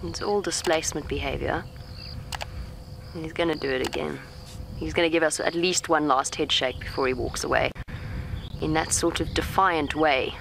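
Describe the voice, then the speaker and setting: A woman safari guide, speaking softly and calmly outdoors, coaxing an elephant and explaining to viewers. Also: low voice, moderate pace, gravelly. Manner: calm, coaxing, talks gently to the animal. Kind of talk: live commentary to viewers while coaxing an elephant. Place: outdoors in a safari vehicle in the bush. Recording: faint outdoor bush noise, insects.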